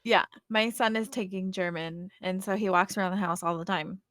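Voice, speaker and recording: A woman's voice: fairly low pitch, steady tone, normal speed, fairly bright tone, dry recording, studio quality. A middle-aged woman telling stories in a casual chat and laughing often. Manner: giggly storyteller, laughs often.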